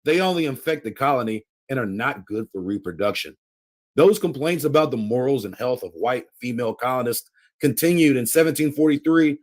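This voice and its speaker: A man's voice: a little high, brisk. A man hosting a channel, reading a history book aloud with commentary and putting emphatic stress on quotations. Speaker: channel host.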